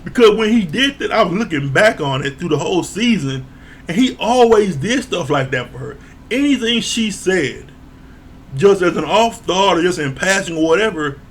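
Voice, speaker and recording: A man's voice: sits high, slight background noise. A man casually recapping and reviewing a reality show episode, telling it loosely with slang, swearing and the odd chuckle.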